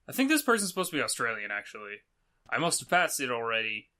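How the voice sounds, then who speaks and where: A man's voice: medium pitch, big pitch swings, quick pace, sharp tone. A man hosting a let's play, giving casual gameplay commentary in a rambling way with many fillers and casual swearing.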